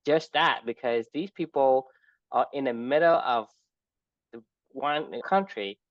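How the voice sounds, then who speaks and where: Halting man from Vietnam, slightly lo-fi. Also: medium pitch, no echo. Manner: halting, restarts sentences, warm and reflective. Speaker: podcast co-host. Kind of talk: casual chat.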